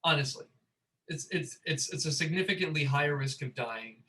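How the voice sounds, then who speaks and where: A man's voice: a little high, normal speed, sharp tone, poor audio. A man co-hosting a talk show, ranting in a sardonic, joking way while feeling a little under the weather. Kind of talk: casual chat.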